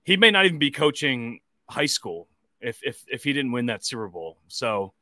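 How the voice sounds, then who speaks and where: A man's voice: mid-range voice, big pitch swings, normal speed, bright, forceful tone, no echo, clean studio sound. A man co-hosting a casual sports podcast, making wry, joking asides. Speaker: podcast co-host.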